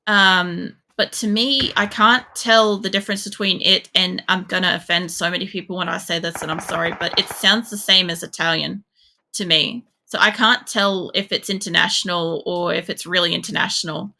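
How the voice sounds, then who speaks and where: Streaming a shooter game, a young Polish woman chats in a rambling, casual manner, cursing freely and filling gaps with fillers. She speaks at normal speed in a lowish, steady voice that's bright and forceful, with vocal fry.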